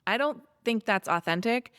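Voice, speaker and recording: A woman's voice: a little high, moderate pace, clear, resonant tone, no echo, studio quality. A woman co-hosting a podcast, casually giving opinionated movie critiques with lots of asides. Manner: opinionated, animated, many asides. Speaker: podcast co-host. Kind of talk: casual chat reviewing a movie.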